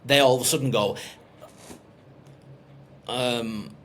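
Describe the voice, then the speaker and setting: A man's voice: mid-range voice, slow pace, fairly bright tone, a little hiss or hum. A man, coaching a group on a call, blunt and emphatic with frequent swearing. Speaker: business coach.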